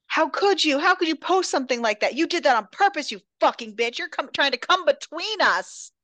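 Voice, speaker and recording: A woman's voice: big pitch swings, slow pace, exaggerated voice. A woman voicing a jealous, hysterical young woman who shrieks her accusations. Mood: accusing. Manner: shrill and loud.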